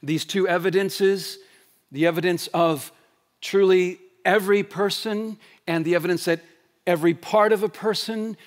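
Male pastor, sermon delivery, voice on the high side, dynamic: punchy emphasis dropping to near-whispered asides. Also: normal speed. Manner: animated preaching, rhetorical questions, swings between loud emphasis and hushed quiet. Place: church sanctuary.

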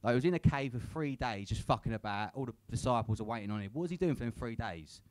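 A young man with a mid-range, slightly dark voice performs stand-up at a comedy club, talking fast and animatedly with no echo. His set is crude and full of swearing, and he tags lines with "innit."

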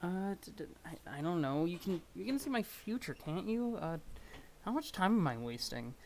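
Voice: medium pitch, very animated, normal speed, darkish tone, a little hiss or hum, voice pushed up. A streamer voicing an easygoing, mildly sarcastic teenage boy while reading a webcomic aloud on stream. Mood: wry.

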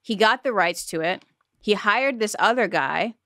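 A woman's voice: medium pitch, animated, moderate pace, pushed and bright, no room sound. Woman co-host telling a story. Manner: storytelling, recounting news. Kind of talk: casual podcast chat.

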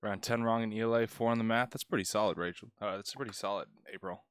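A man's voice: lowish voice, fairly even intonation, quick pace, fairly bright tone, smooth. A young man tutoring on a casual livestream, chatty and laid-back as he greets viewers by name. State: out of breath. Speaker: test prep tutor streaming live.

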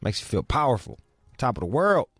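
A man hosting a show, talking in a casual, profane way that rises into loud outrage. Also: mid-range voice, fairly quick, slightly rough, no echo, faint music behind. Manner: animated, swearing, rising into loud outrage. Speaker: show host.

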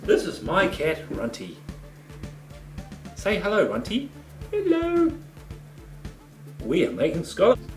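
A man's voice: on the high side, sing-song, measured pace, pauses often, roomy sound, faint music behind. A man with a New Zealand accent hosting a goofy comedic cooking show from his home kitchen, full of playful sing-song exclamations.

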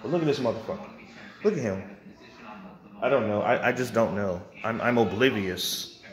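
This vlogger and music producer has a lowish voice and talks at normal speed. He rants angrily to camera with profanity and confrontation, at times mocking others in fake voices.

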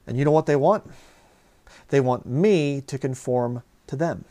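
A man's voice: mid-range voice, a little slow, dark tone. A man preaching a sermon, telling a rambling personal story full of fillers and rising into heated outbursts.

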